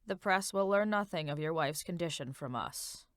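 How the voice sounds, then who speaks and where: A woman reading a composed hospital nurse's lines in a calm, formal manner. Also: low-pitched, normal speed, no room sound, clean studio sound. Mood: professional.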